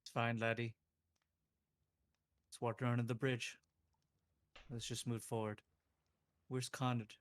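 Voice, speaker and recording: A man's voice: medium pitch, little pitch movement, a little slow, pauses often, natural voice. A man playing a plain-spoken male adventurer who keeps calling people laddie. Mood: weary.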